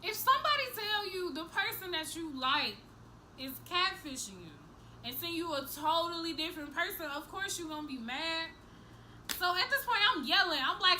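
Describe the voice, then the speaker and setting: Young woman vlogger, high bright voice, animated and profane storytelling, faint room noise. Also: normal speed, poor audio. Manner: animated, profane, acts out each person's lines, laughs through the story. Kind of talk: casual storytelling to camera.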